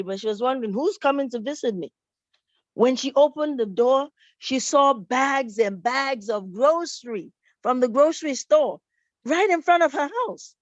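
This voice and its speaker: A woman telling a Bible-style story to children at church, lively and expressive. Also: high-pitched, no room sound. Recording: dull, dry recording.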